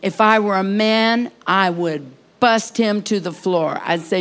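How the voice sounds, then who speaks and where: A woman preaching at a conference service, impassioned, swinging between near-whispers and loud cries. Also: mid-range voice, a little slow. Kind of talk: conference sermon.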